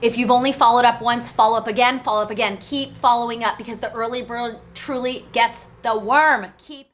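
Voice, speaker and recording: Young female vlogger, animated storyteller, bright tone, slightly high. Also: brisk, slight background noise. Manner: excitable, animated retelling with quoted voices. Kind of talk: casual storytelling to camera.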